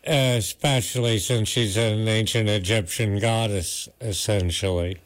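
A man co-hosting a podcast, talking in a dry, measured way and dropping in wisecracks. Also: lowish voice, fairly even intonation. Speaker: podcast co-host. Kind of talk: casual chat.

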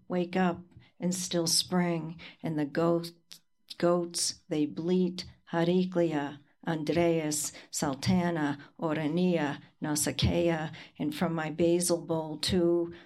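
A woman reads her own poetry aloud in a measured, deliberate way. She takes her time, letting each line settle, at a very unhurried pace. Her voice sits a little low. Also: darkish tone. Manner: slow, measured recitation. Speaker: poet. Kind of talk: poetry reading.

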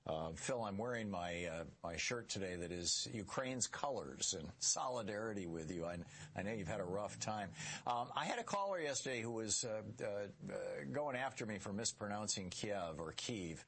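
Radio host, male, low and husky, friendly, halting delivery with fillers. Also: sing-song, a bit bright. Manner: friendly, hesitant with many fillers. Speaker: radio talk show host. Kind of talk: phone-in interview.

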